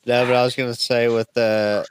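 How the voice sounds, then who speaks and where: A man's voice: medium pitch, little pitch movement, moderate pace, noisy background. A man co-hosting a podcast, making dry quips and reading notes aloud with some stumbles. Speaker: podcast co-host.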